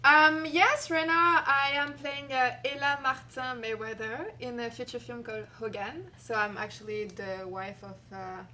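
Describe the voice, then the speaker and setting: Bright-voiced woman with a French accent. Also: on the high side, steady tone, unhurried, few pauses, recorded from a distance, a little hiss or hum. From France. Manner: hesitant, many fillers, laughs easily. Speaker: actress guest. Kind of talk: casual interview answers.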